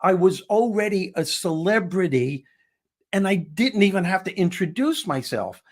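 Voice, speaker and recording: Husky-voiced man telling a lively story. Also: high-pitched, normal speed. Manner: acts out dialogue, shifting voice for each person. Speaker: guest, comedian and speaker. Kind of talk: animated storytelling in conversation.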